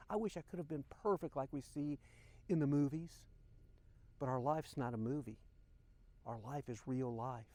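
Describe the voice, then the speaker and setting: A man's voice: on the high side, mellow, no echo. An older man hosting a podcast, speaking in an earnest, emotional personal monologue and addressing listeners directly. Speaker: podcast host.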